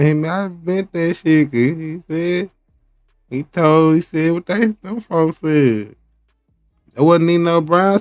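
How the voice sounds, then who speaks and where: A man chats in a slow, drawn-out way, his voice a little on the high side. His sound is dry and close, with faint music playing behind him. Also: a little mellow, dry recording. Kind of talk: casual chat.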